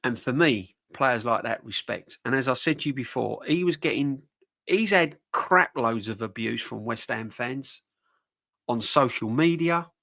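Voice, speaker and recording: A middle-aged man hosting a football fan stream, reading viewer comments and answering them in an animated, emphatic way, often repeating his points. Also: mid-range voice, measured pace, vocal fry. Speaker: football fan channel host.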